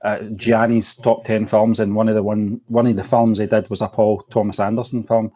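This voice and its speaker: A man's voice: lowish voice, level tone, moderate pace, mellow. A man co-hosting a casual film chat over a remote call, hesitant, with frequent ums and laughs. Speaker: co-host.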